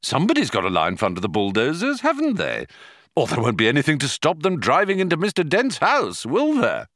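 A man's voice: fairly high pitch, wildly swooping pitch, fairly quick, fairly bright tone, dry recording, clean studio sound, pitched above the performer's own voice, full character voice. A man voicing a sly, clever schemer who talks others round with patient, coaxing persuasion in a storybook reading. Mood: persuasive.

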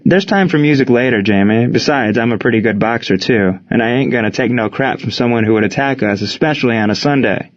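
A man's voice: medium pitch, fast talker, few pauses, natural voice. A man voicing a cocky teenage boy in an audiobook, brash and full of slang. The reading is a little muffled.

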